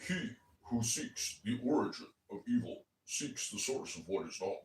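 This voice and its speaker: A man's voice: fairly low pitch, animated, moderate pace, recorded from a distance. A man reading aloud from a book in a mock-solemn, teasing way. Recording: echoey room, off mic.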